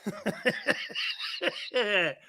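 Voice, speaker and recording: Bright, high-voiced mocking sports talk host. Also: male voice, big pitch swings. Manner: mocking, laughs often, mimics others in quick asides. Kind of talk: casual sports talk riffing.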